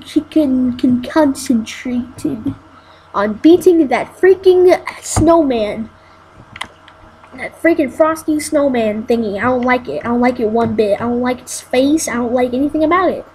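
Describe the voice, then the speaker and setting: A woman's voice: high voice, darkish tone, slight background noise, rough recording. A woman giving casual let's-play commentary, frustrated and exclaiming, repeating herself as she plays. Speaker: gameplay commentator.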